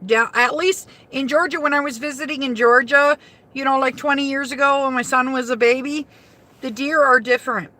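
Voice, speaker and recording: A woman's voice: high voice, fairly even intonation, a little fast, pushed and bright. A woman from Michigan, a rideshare driver, chatting casually and saltily on a livestream from her car, laughing easily. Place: inside a car.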